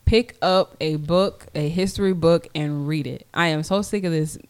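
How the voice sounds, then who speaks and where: A woman co-hosts a casual podcast. She jumps in with short, quick remarks and sounds exasperated. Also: low voice, darkish tone, smooth. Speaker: podcast co-host.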